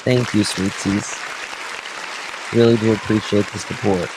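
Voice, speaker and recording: Slow, drawling man chatting to viewers. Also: lowish voice, fairly even intonation, crowd noise, background noise. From Southern US. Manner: chatty, warmly thanks viewers by name. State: tired. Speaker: livestream host. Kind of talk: casual livestream chat with viewers.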